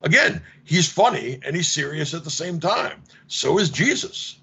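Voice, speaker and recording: A man teaching a casual online seminar, wry and animated, acting out dialogues with mock exasperation. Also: fairly high pitch, unhurried, creaky, hardly any pauses, husky. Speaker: lecturer. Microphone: video call. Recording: lo-fi online call audio.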